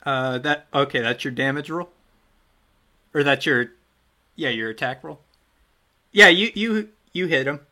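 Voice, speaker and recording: Slow, bright-voiced male game master. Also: medium pitch. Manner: loose and chatty, trailing off and restarting. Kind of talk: running a tabletop game, casual narration.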